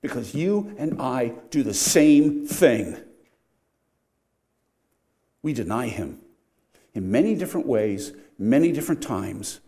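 Older male pastor, mid-pitched voice, animated and wry sermon delivery with big swings in volume. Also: takes it slowly, long pauses. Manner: animated, wry, swings between loud emphasis and quiet.

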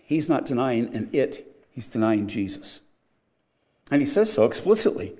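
An older man, a pastor, preaching a sermon with wry humor and sharp swings between loud emphasis and quiet, earnest moments. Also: medium pitch, big pitch swings, moderate pace.

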